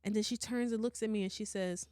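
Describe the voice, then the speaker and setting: A woman hosting a podcast, telling a story in casual chat, animated and often laughing and swearing. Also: medium pitch, fast, no echo, clean studio sound. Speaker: podcast host.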